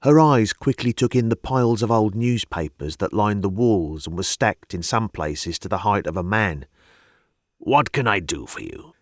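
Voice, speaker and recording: A man narrating a historical novel as an audiobook, measured and storytelling. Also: fairly low pitch, no echo, clean studio sound. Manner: measured storytelling, lively intonation.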